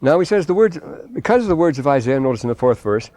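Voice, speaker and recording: A man's voice: fairly high pitch, very animated, fast talker, few pauses, mellow, dry recording. A man giving a scripture lecture in a wry, digressive way, often restarting his sentences and quoting old texts. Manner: digressive, wry, quotes German and Shakespeare freely; frequent restarts and repeated words.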